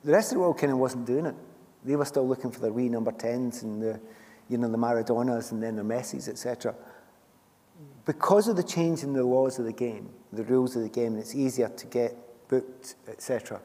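Middle-aged Scottish man, warm low-toned voice, chatty storyteller on a hall stage. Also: fairly quick. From Scotland. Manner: chatty, storytelling, laughs often. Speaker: guest author. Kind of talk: stage conversation at a book festival. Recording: long hall reverb from a festival stage.

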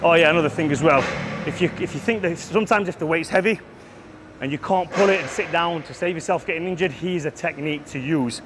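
A man's voice: on the high side, quick pace, noisy background. A man coaching a gym workout, brash and profane, lecturing bluntly between heavy sets in a gym.

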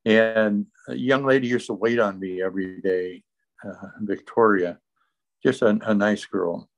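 A man's voice: on the low side, fairly even intonation, measured pace, vocal fry, low-quality recording. A man sharing his recovery testimony as an interview guest, telling the story earnestly and in close detail.

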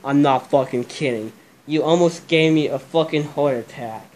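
A man's voice: fairly high pitch, moderate pace, darkish tone. A young man vlogging, agitated and cursing after a scare, repeating himself a lot. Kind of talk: casual vlog chat.

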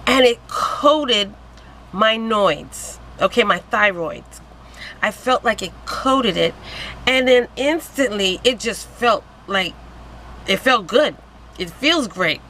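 A giddy, hyped-up woman talks straight to camera in a casual vlog, keeping up a stream of exclamations. Her voice is bright and sharp and swings widely up and down. A faint hiss sits behind her. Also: mid-range voice, lively intonation, slow pace, poor audio. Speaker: vlogger selling wellness products.

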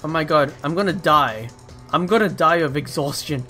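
A young man hosting casual gameplay commentary, excitable and swearing, ranting at the characters on screen. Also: on the high side, moderate pace, faint music behind. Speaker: gaming video host.

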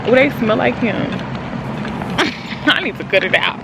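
A woman's voice: mid-range voice, normal speed. Blunt young woman vlogging from her car. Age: 20s. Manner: blunt, profane, playful trash talk. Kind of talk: casual vlog chat. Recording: clear car and road noise.

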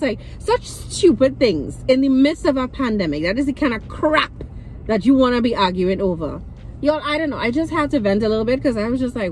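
A woman's voice: fairly high pitch, fairly quick, slight background noise, poor audio. A young Trinidadian woman vlogging in a casual way, venting animatedly and acting out what people said. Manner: animated, venting, acts out quotes. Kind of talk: casual vlog storytelling.

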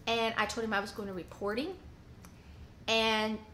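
A woman's voice: fairly high pitch, level tone, moderate pace, fairly bright tone, slight background noise. A woman vlogger telling an indignant story, acting out both sides of a phone call. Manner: indignant, re-enacts phone conversations. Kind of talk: animated storytelling.

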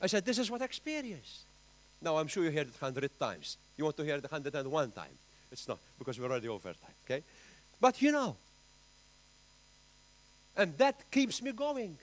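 A man with a Maltese accent preaching a sermon in church, emphatic, with big swings in pitch and loudness. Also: sing-song, moderate pace, low-quality recording. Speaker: pastor.

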